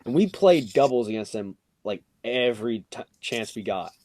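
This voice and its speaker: A man's voice: normal speed, no room sound. Young man telling a story animatedly. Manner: animated, acts out quotes with rising pitch, filler-heavy "like". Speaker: podcast co-host telling a story. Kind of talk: casual storytelling chat.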